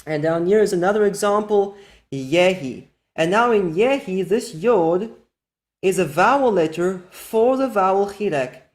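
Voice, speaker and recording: Methodical teacher slowing down for examples. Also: medium pitch. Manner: methodical, slows down to spell out example words. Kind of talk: recorded explanatory lesson.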